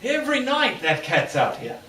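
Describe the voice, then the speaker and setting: Guy doing a grumpy prison guard, higher and louder, kinda fed up, roomy echo from far off. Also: wildly swooping pitch, moderate pace, a little hiss or hum, heavily acted. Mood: annoyed. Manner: raised, exasperated grumbling. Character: grumbling prison guard man, suspicious and irritable. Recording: roomy hall from a distant mic.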